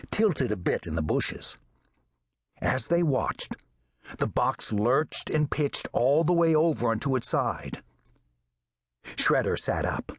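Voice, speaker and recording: A man reading an audiobook aloud with lively rises and falls in pitch. His voice is slightly husky and sits close and dry on the mic. The telling is expressive and storybook-like. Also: no room sound. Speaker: audiobook narrator. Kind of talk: scripted audiobook narration.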